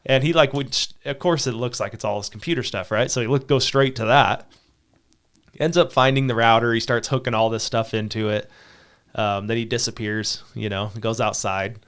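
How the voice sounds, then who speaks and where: A man's voice: mid-range voice, fairly even intonation, normal speed, fairly bright tone, clean tone. A man with an ordinary mid-range voice talks on a casual podcast, spinning a story. He acts out the people he quotes and laughs often as he goes. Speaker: podcast co-host.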